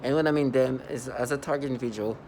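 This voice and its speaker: A man's voice: medium pitch, quick pace, background noise. A man in an unscripted vlog monologue, rambling and repetitive, earnest and agitated, full of fillers and restarts. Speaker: vlogger.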